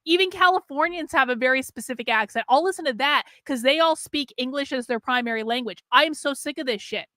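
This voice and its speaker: A woman's voice: high-pitched, fast talker, few pauses, sharp tone, no echo, clean studio sound. A woman hosting a livestream, ranting bluntly and profanely about politics and laughing at herself. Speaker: livestream host.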